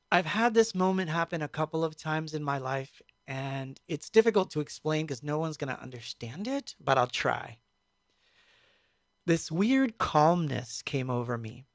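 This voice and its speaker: A man with a slightly high voice tells a story at an easy, reflective pace, pausing often on fillers. The sound is dry and close, with no room around it. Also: lively intonation, no room sound. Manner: halting, reflective, many fillers. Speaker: musician recounting a tour. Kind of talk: casual storytelling stream.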